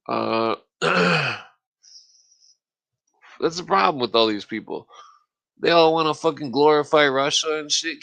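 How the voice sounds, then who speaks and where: Profane ranting man clearing his throat. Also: a little high, a little slow, long pauses, pushed and bright. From United States. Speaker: podcast host. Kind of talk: casual rambling monologue. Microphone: podcast microphone.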